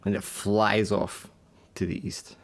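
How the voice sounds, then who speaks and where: A man with a somewhat low voice runs a tabletop game over a call. He narrates each scene vividly and teases his players between rolls. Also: level tone, slow pace. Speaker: game master.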